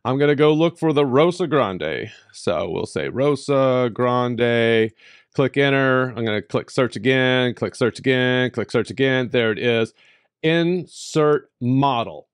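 Man, software tutorial voice-over, emphatic, playful, mid-pitched, dry close mic. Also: expressive, measured pace, clean tone, no echo. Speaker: tutorial host. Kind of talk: screen-recorded software tutorial.

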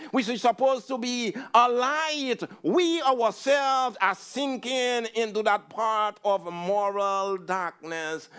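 A man's voice: high-pitched, fairly bright tone, clean tone. A male pastor preaching a fervent sermon, rising into repeated pleading cries.

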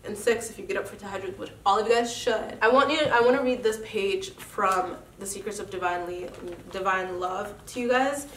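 A woman's voice: medium pitch, brisk, fairly bright tone, slight background noise. Young woman with a congested nose, echoey. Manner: earnest, encouraging, addresses viewers directly. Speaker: vlogger host. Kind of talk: casual motivational faith talk. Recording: echoey room, mic at a distance.

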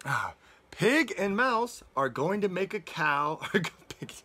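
Children's storyteller, male; playful, jokey, unhurried, bright tone. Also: high voice, very animated. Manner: playful, goofy, jokes to kids.

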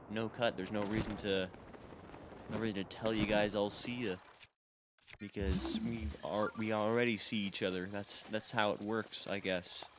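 Over game music and some background noise, a man with a lowish voice rambles through casual gameplay commentary. Hosting a let's play, he talks to his viewers and pokes fun at himself.

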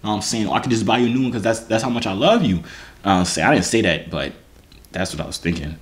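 A man's voice: lowish voice, fast. A man vlogger telling a personal story to camera in a casual, slangy, self-mocking way, with lots of restarts. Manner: animated, slangy, self-mocking, full of restarts and "you feel me".

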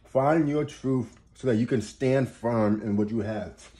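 A man's voice: mid-range voice, measured pace, warm tone. A man giving astrology advice in a casual motivational monologue, emphatic, repeating and restarting words and swearing for emphasis. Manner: laughs while getting worked up.

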